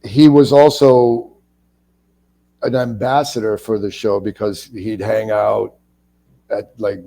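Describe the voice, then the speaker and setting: Mellow-voiced man telling stories. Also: on the low side, slow pace, vocal fry, low-quality recording. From Cleveland, USA. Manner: profane, animated anecdotes. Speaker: actor guest. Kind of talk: casual interview storytelling.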